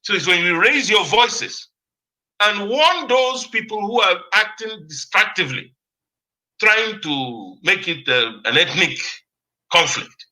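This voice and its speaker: A man's voice: high-pitched, lively intonation, unhurried, sharp tone, rough recording. A man giving impassioned political commentary on a radio broadcast, repeating key words for emphasis.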